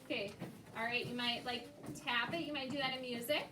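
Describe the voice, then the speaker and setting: Teacher, woman, high voice, patient questioner, recorded from afar in a noisy classroom. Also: fairly even intonation, brisk. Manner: patient, prompting questions to students by name. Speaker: second grade teacher. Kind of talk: classroom instruction. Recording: echoey classroom, distant noisy mic.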